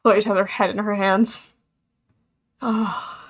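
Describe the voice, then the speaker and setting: A woman taking part as a player in a tabletop role-playing game, talking playfully and haltingly, with repeated words. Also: medium pitch, level tone.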